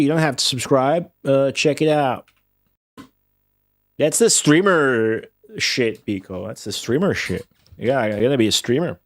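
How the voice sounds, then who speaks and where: A man's voice: mid-range voice, dry recording, clean studio sound. Profane Italian-accented male streamer, chatty. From Italy. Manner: rambling, profane, chatty with chat readers. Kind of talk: casual live-stream chat while gaming.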